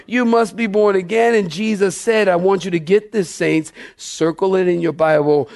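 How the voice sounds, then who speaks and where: A male pastor delivering a sermon in a fairly high-pitched voice. He preaches emphatically and keeps calling on his congregation to answer him. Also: normal speed, vocal fry, hardly any pauses.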